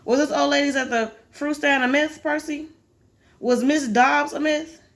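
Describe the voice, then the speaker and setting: A woman voicing a nervous boy satyr who is half goat, talking quickly and defensively and breaking into bleats. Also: high voice, fairly even intonation, fairly bright tone, voice pushed up. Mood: indignant.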